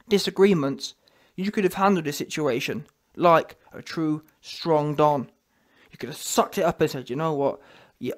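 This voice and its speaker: A man rants in a mocking tone and keeps checking in with his audience for agreement. His voice sits high for a man. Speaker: vlogger. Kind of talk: ranting monologue to camera.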